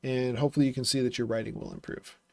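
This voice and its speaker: A man talking through writing advice in a casual vlog, thinking aloud with fillers and quick self-corrections. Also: mid-range voice, level tone, creaky, a little mellow, dry recording. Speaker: self-publishing vlogger critiquing writing.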